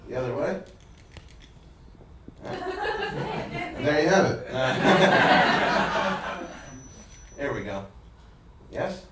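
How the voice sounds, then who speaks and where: A man's voice: a little high, wildly swooping pitch, very slow, long pauses, very noisy. Chatty man telling a comic story. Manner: chatty, self-amused, laughs at own jokes. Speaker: stand-up comedian. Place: live venue with audience. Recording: echoey room, distant mic, crowd laughter.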